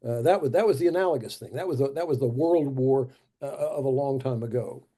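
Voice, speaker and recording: Male guest lecturer, very dark and husky voice, halting, deliberate delivery that repeats phrases for emphasis. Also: medium pitch. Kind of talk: history lecture. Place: church.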